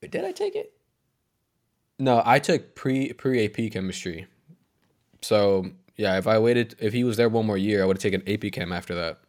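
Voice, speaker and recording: A young male co-host on a podcast has a fairly low, slightly mellow voice with big pitch swings and a moderate pace. Chatting casually, he rambles through a story, swears often, and wanders off on tangents.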